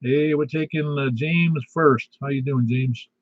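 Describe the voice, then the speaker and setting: A man hosts a casual amateur radio net as net control, making folksy, rambling announcements full of fillers. A missing tooth gives him a slight lisp, and his medium-pitched voice is steady and a little slow. The audio is dull, lo-fi radio sound with a noisy background.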